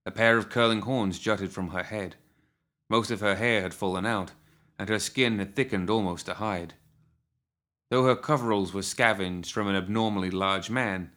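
Male audiobook narrator with a somewhat low voice; steady, measured reading of a dark western fantasy.

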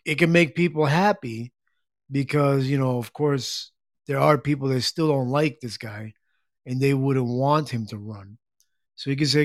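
A man hosting his own podcast live, chatting casually and reading listener comments, talking in a halting way with many fillers and restarts and often clearing his throat. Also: medium pitch, no room sound, clean studio sound. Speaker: podcast and internet radio host.

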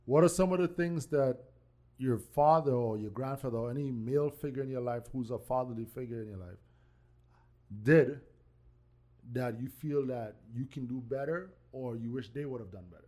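A man's voice: medium pitch, normal speed, mellow. A man hosting a casual podcast chat, easygoing and prone to repeating phrases as he leads into a topic. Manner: easygoing, repeats himself while steering the talk. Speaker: podcast host.

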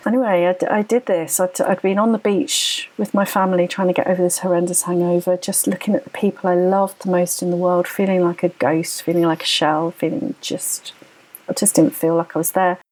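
A woman's voice: fairly low pitch, little pitch movement, a little fast, a little mellow, slightly rough, low-quality recording. A woman, a podcast guest, earnestly telling a personal story in tumbling phrases full of restarts.

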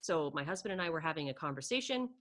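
Lively mom-aged woman chatting, acts out her self-talk, bright voice. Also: low-pitched, fast. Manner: animated, lots of "like" and quoted self-talk. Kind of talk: casual conversation.

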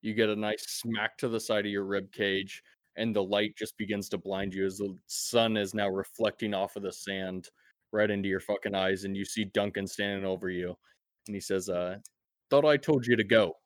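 Brief: man, low voice, casual profane game master narration, dry recording. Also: flat delivery, moderate pace, no echo. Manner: laid-back, profane, with many fillers.

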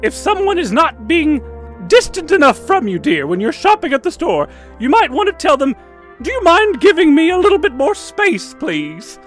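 A man's voice: very high voice, wildly swooping pitch, moderate pace, fairly bright tone, soft background music, pitched above the performer's own voice, exaggerated voice. A man doing a prim, sweet old lady calling everyone dear. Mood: prim advising. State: a little out of breath. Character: prim, fussy old lady etiquette expert. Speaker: comedy sketch character. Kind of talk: comic sketch on a radio show.

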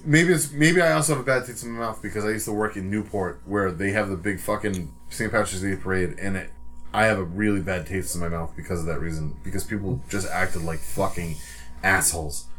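A man's voice: low voice, brisk, a bit bright, slight background noise. A man co-hosting a podcast, ranting with lots of swearing in casual chat. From Rhode Island, USA. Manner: profane, heated ranting. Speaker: podcast co-host.

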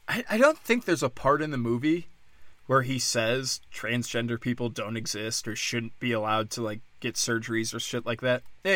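A man's voice: mid-range voice, pushed and bright, no room sound. A man hosting a casual news rant, sarcastic and profane, rambling from story to story.

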